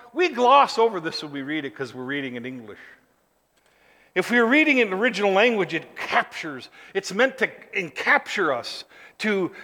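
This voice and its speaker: A man preaching a sermon, emphatic, building to shouted lists and then dropping low again. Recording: long hall reverb.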